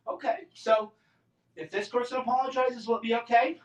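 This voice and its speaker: His pitch is extremely high, his tone steady, his speed normal: a man in his forties, invited to speak to a campus student group, giving a combative, sarcastic talk and mimicking others in put-on voices. The lecture room sound is roomy and far from the mic.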